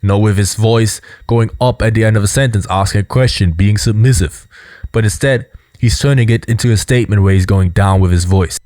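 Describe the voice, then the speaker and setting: A man hosting a casual video commentary, explaining in a relaxed way with lots of fillers. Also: lowish voice, a little fast. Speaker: host.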